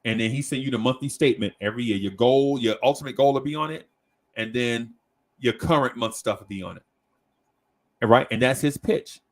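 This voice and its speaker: A man hosting a casual podcast, telling a story in a slangy, animated way and checking in with "right?" as he goes. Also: medium pitch, fairly quick. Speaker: podcast host.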